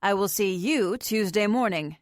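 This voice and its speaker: A woman voicing a brisk woman doctor with a dry, hurried manner, in a storybook reading. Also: mid-range voice, animated, dry recording, lightly acted.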